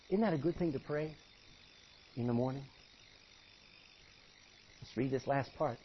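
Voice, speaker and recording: A man preaching a sermon, acting out Bible characters and swinging between hushed and loud delivery. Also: a little high, expressive, normal speed, long pauses, dull audio, a little hiss or hum. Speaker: pastor.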